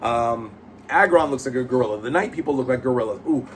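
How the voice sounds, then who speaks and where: Guy ranting about comics, swears a lot, rambly, mid-pitched voice, faint hiss behind. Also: fast. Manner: blunt, profane, rambling. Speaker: comic book reviewer. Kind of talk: casual chat.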